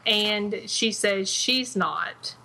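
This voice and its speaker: A woman co-hosting a casual TV recap podcast, animated and acting out quoted lines. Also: medium pitch, very slow, vocal fry, low-quality recording. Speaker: podcast co-host.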